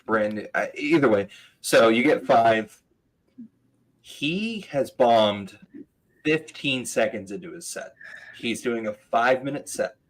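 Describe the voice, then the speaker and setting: A man in his thirties chatting casually, telling animated stories, laughing often and mimicking voices. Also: mid-range voice, slow pace, low-quality recording. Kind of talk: casual chat.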